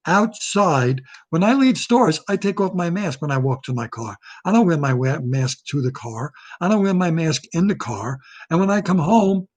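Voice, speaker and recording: A man delivering a satirical political rant to camera, heated and indignant, repeating himself, recorded on a webcam. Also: a little high. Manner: heated, repetitive, indignant ranting. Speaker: comedic ranter. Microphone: webcam or laptop camera.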